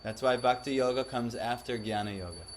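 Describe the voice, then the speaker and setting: A man's voice: mid-range voice, a little fast, slight background noise. A man giving a devotional class to a live audience, often questioning the listeners and acting out the voices he quotes. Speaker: spiritual teacher.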